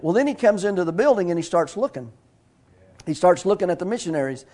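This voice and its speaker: A man's voice: high voice, fast. A middle-aged man, a pastor preaching a sermon in a folksy, storytelling way. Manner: storytelling preacher, animated, folksy, with shouts of praise.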